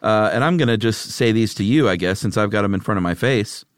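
A man's voice: lowish voice, a little fast, clean tone, dry recording, studio quality. A man co-hosting a casual podcast chat, playful and reading jokes aloud with mock drama. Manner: playful, animated, reads quips with mock drama. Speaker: podcast co-host.

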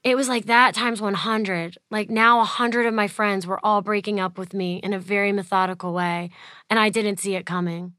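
A woman's voice: medium pitch, fairly even intonation, moderate pace, sharp tone, dry recording, studio quality. A woman in her thirties telling a personal story in a casual, chatty way, acting out the dialogue and saying "like" a lot. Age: 30s. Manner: chatty, acts out quoted dialogue, heavy use of "like". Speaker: interviewee.

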